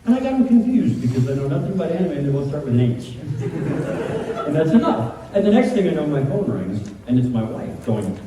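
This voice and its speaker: A man's voice: a little high, fairly quick. A middle-aged man telling comic stories to a crowd at a convention panel, acting out voices as he goes, heard from the audience. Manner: animated, acts out voices in his stories. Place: large convention panel room. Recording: echoey hall, distant mic, room noise.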